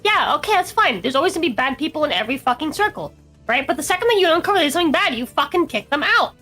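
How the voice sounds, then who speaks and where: A woman's voice: sits high, big pitch swings, racing, sharp tone, soft background music. A woman co-hosting a podcast, ranting bluntly in casual chat and swearing heavily. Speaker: podcast co-host.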